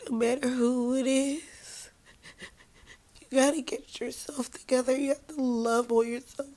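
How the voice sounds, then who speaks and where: A woman's voice: high voice, flat delivery, a little slow, dark tone. A woman hosting a podcast, talking through an emotional personal monologue in a raw, rambling, self-mocking way, still tearful after crying. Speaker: podcast host.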